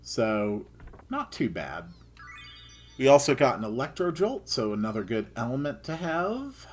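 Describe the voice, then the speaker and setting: A man's voice: medium pitch, big pitch swings, measured pace, soft background music. A man giving casual gameplay commentary with dry, joking asides. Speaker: let's-play host.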